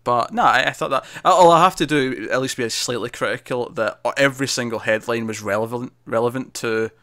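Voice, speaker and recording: A man co-hosting a TV review show, chatting casually in a quick, animated way with frequent restarts. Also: mid-range voice, dry recording, studio quality. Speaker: TV review podcast co-host. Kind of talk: casual chat.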